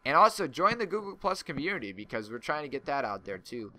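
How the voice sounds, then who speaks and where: A man's voice: medium pitch, sing-song, fast talker, sharp tone, a little hiss or hum. A young man and server owner talking casually over a gaming video, rambling and getting heated as he rants. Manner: rambling, gets heated and ranty.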